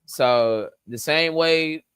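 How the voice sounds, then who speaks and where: A man's voice: on the high side, extremely slow, fairly bright tone, clean tone, no echo. A man co-hosting a podcast, chatting emphatically and agreeing readily. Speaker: podcast co-host. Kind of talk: casual chat.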